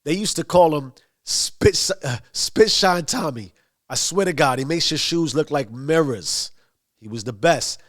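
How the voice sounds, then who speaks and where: A man's voice: fairly high pitch, lively intonation, measured pace, fairly bright tone. A man voicing a swaggering older male mobster who needles nonchalantly. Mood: boastful.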